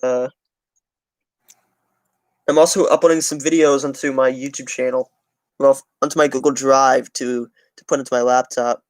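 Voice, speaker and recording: A man's voice: medium pitch, flat delivery, normal speed, long pauses, dry recording. A young man, talking loosely on a livestream, rambling and swearing often. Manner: rambling, heavy swearing, restarts. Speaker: transit channel streamer. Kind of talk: casual livestream chat.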